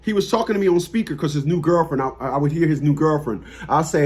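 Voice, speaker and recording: A man's voice: a little high, fast talker, few pauses, husky. A man giving blunt, mocking commentary to his viewers as a family court consultant. He repeats himself and talks casually. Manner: blunt, mocking, repetitive, street talk.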